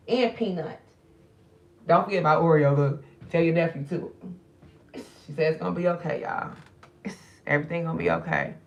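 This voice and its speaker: A woman's voice: deep voice, creaky. A middle-aged woman talks loosely and directly to her viewers in a casual livestream chat. She is grieving and subdued. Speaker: spiritual reader streaming live.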